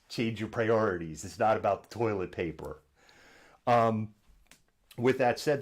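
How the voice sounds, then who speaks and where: A lowish-voiced man hosts a live political news stream out of a home studio. He talks with sarcasm and animation, frequently acting out imagined voices in mocking imitations.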